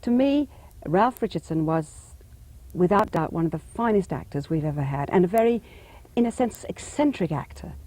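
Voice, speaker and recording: An actress from England, reminiscing in an interview with fond praise and frequent hesitant fillers. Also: female voice, on the low side, expressive, normal speed, dark tone. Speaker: actress guest. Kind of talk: interview conversation. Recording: 1991 cable TV studio interview.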